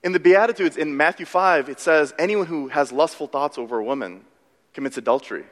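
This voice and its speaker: Telling stories with animated self-mockery, a male pastor preaches, his pitch shifting quickly. The sound carries a long, hall-like reverb.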